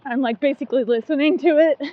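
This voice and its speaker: A woman's voice: sits high, fast talker, narrow, tinny audio. A woman co-hosting a casual running podcast, chatty and giggly, full of likes and ums. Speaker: podcast co-host. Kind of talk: casual chat.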